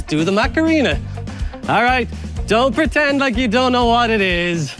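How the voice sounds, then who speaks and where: An Irish man presenting science to children, leading an energetic, playful warm-up with jokes and instructions. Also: very high-pitched, moderate pace, over music. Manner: upbeat, playful, joking instructions.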